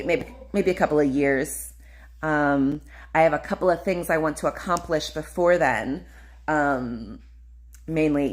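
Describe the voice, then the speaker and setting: A woman in her thirties hosts her own podcast and talks through a personal story in a loose, gushing ramble. Her voice sits low for a woman, and she keeps reaching for "like" and "um" as she goes. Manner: dreamy, gushing, lots of likes and ums. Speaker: podcast host.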